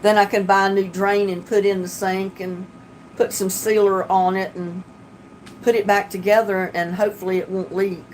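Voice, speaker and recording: An older woman talks to her livestream viewers from home in a relaxed, chatty manner. Her voice sits in a middle pitch, neither high nor low. A faint background hum sits under her talk. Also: moderate pace. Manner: chatty, homey, talks about fixing things herself. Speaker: livestream host. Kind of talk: casual chat reading viewer comments.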